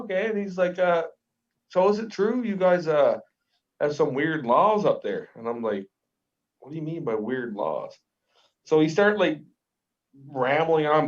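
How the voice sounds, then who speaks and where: A Canadian man co-hosting a podcast, swearing freely and telling stories in casual chat. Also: on the high side. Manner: profane, storytelling. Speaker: podcast co-host. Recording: distant, muffled mic.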